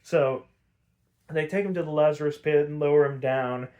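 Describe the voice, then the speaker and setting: A man's voice: fairly high pitch, steady tone, moderate pace, a little mellow, dull audio. A man hosting a podcast, casually recapping a cartoon episode in a loose, profane way, laughing often and leaning on filler words. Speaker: podcast host.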